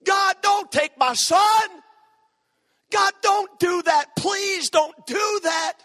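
A man preaching, acting out a desperate grieving father-king who shouts and begs God to spare his son. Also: very high voice, slow pace, big-room sound, soft background music, pitched above the performer's own voice, heavily acted. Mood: desperate pleading. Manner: shouting, begging.

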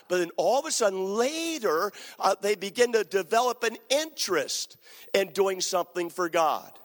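A pastor preaching a sermon, building emphasis through repeated phrases. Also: male voice, high voice, animated, moderate pace, a bit bright, big-room sound. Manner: emphatic, repetitive preaching cadence.

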